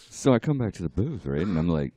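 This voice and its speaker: Low-voiced man telling a lively story. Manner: animated, laughing, acts out quotes. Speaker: artist guest. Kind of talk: casual storytelling.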